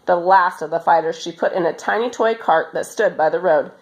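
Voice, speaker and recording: A woman reading a children's story aloud as storyteller, in an expressive, animated manner. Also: on the low side, fairly quick, rough recording.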